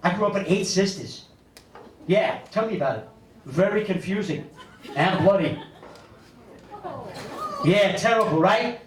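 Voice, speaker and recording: A man, doing a stand-up comedy set on a club stage with animated storytelling and big pitch swings for punchlines. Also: unhurried, long pauses, a little hiss or hum. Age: 50s. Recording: echoey club audio, mic a bit distant, loud crowd laughter.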